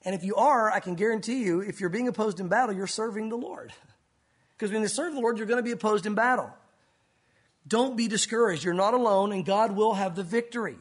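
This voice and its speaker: A man preaching a sermon in an animated way, acting out scenes and speaking directly to his congregation. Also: high-pitched, fairly quick. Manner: animated, acts out bible scenes with sound effects. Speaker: pastor.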